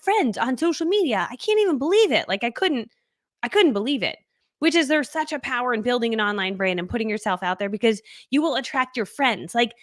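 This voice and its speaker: A woman's voice: high voice, a bit bright, no echo, clean studio sound. A middle-aged woman coaching in network marketing, telling her story in a bubbly, chatty way, laughing often and acting out other people's voices. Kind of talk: casual storytelling to camera. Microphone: webcam.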